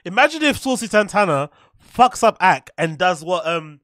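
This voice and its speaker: A man's voice: sits high, very animated, moderate pace, fairly bright tone, no room sound, clean studio sound. A man hosting a podcast, reacting to clips with incredulous, mocking commentary and frequent laughter. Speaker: podcast host.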